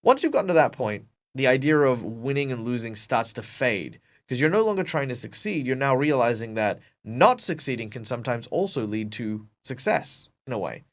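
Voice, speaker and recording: Animated Australian man telling stories. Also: mid-range voice, normal speed, hardly any pauses. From Perth, Western Australia. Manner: animated storyteller, many ums and restarts. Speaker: guest, professional game master. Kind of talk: casual interview talk.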